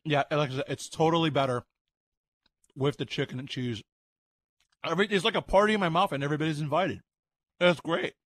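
A man on live radio tasting a sandwich and reacting with loud excitement, talking while he eats at home. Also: fairly high pitch, a little fast, pauses often, no room sound. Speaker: radio co-host. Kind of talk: live radio food review.

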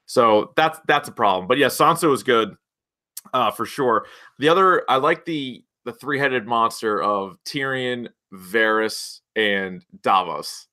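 A man co-hosting a casual chat recapping a TV episode, animated and jumping between points. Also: medium pitch. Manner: animated, jumps between points, quotes scenes in quick asides. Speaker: podcast co-host.

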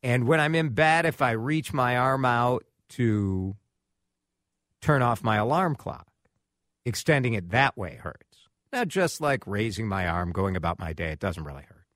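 Man radio host, animated storyteller, bright tone, dry close mic. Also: mid-range voice, a little slow, dry recording. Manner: animated storytelling, acts out quotes. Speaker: radio talk show host. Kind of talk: casual radio chat.

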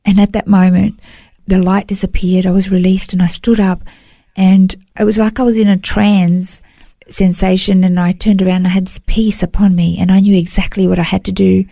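A woman recounts her life in an interview, speaking earnestly and emotionally. Her voice is warm and mellow, recorded close and dry with no room sound, and she often stops to restart a phrase. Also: medium pitch, level tone, moderate pace, creaky, dry recording. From Australia. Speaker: interview guest. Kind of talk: personal testimony in a podcast interview.

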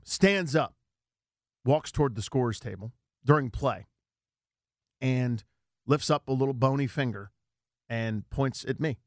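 A man's voice: medium pitch, no echo, studio quality. Self-mocking man hosting sports talk radio. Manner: storytelling, self-deprecating, animated. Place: radio studio.

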